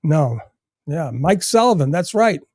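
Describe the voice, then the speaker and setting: Animated older man telling stories warmly. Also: fairly high pitch, unhurried, no room sound, clean studio sound. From Massachusetts. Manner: animated storyteller who acts out other people's lines and swears freely. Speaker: guest. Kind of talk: casual podcast chat.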